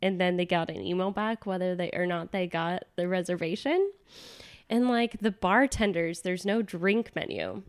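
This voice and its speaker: A woman's voice: on the low side, normal speed. Chatty young woman with a stuffy cold. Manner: chatty, animated, frequent laughs and "like" fillers. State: sick, nasal from a cold. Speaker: podcast co-host. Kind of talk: casual chat.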